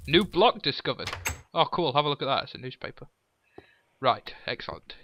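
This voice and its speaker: A man's voice: medium pitch, sing-song, a little fast, sharp tone, no room sound. A man chatting casually while playing a game with a friend, reading game text aloud and laughing often. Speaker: gamer. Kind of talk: casual let's play chat.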